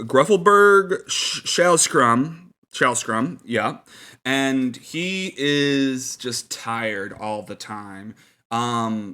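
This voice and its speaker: A man's voice: medium pitch, fairly bright tone. A man giving casual game-master tips in a loose, filler-heavy, mock-serious way. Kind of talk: casual rambling advice.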